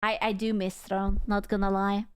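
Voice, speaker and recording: A woman's voice: mid-range voice, level tone, moderate pace, clear, resonant tone, dry recording, clean studio sound. A woman streamer reacting live to a video, playful and teasing with giggly banter.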